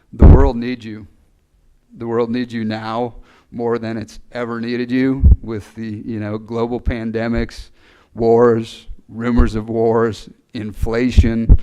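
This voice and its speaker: A man's voice: fairly low pitch, dark tone, clean tone, dull audio. Earnest man giving a ceremony speech. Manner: earnest, halting, with many fillers. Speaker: fire chief giving a graduation address. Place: ceremony hall. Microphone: podium mic.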